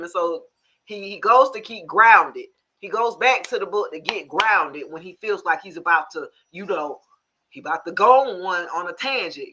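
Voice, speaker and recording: A woman's voice: mid-range voice, dull audio. A woman hosting a casual tarot live stream, telling stories frankly with cussing and checking in with her viewers often. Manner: animated storyteller, frank and cussing, asks the audience for agreement.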